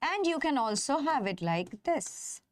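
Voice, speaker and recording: This live online chemistry teacher, who speaks with an Indian English accent, has a high and very animated voice. She draws out the stressed terms and repeatedly checks in with her students.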